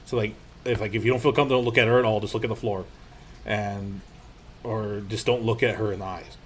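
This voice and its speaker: A man's voice: fairly low pitch, fast, slight background noise. A young man co-hosting a casual paranormal chat, telling stories animatedly and swearing freely. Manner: animated storyteller, swears freely, acts out quotes. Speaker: podcast co-host.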